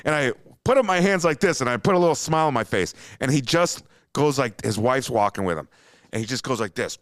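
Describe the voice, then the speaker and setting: Animated profane man telling a story. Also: mid-range voice, brisk, no echo, studio quality. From Minnesota. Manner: animated, profane, jumps into acted-out quotes. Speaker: podcast host. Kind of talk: casual storytelling.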